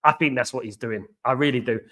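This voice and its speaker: A man hosting a live football watchalong, chatting fast and repeating himself while greeting viewers by name. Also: mid-range voice, pushed and bright. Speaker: watchalong host. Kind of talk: live stream chat.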